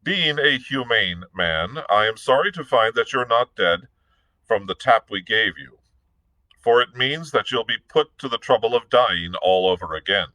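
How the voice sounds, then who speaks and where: A man's voice: medium pitch, expressive, unhurried, bright, forceful tone, dry recording, pitched above the performer's own voice, poor audio. A man voicing a sardonic, witty Irish pirate captain, speaking in a dry, mocking, self-assured way in a read-aloud story. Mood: coolly menacing.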